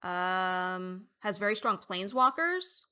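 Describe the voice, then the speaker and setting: A woman streamer with a bright, lifted tone talks easily with her viewers. She thinks aloud as she goes, trailing off with fillers and reading out chat messages. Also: medium pitch, very animated, slow, clean tone. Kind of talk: casual live-stream chat while deckbuilding.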